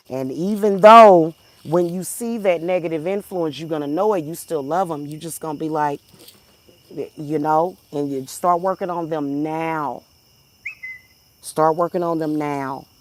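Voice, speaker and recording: Spiritual channel host, woman, preachy and profane, low-pitched, crickets in the background. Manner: blunt, profane and preachy, swinging from soft to loud. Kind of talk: heated monologue to viewers.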